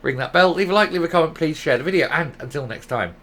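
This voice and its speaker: A man delivers an opinionated political vlog with sarcasm and exasperation, breaking into mocking asides. His pitch moves a lot, and his tone is bright and forceful. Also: lively intonation, quick pace. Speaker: political commentator.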